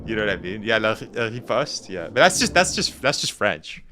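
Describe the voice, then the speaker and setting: A man from Canada chatting casually with his viewers on a game stream, animated and slangy, laughing often. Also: on the low side, a little fast, slight background noise. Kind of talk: casual live-stream chat.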